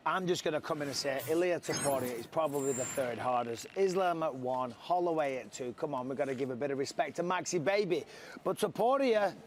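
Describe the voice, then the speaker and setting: A man with a slightly high voice hosts a casual fight watch-along. He keeps the talk moving with quick, playful banter, with some faint noise behind him. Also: lively intonation. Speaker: host.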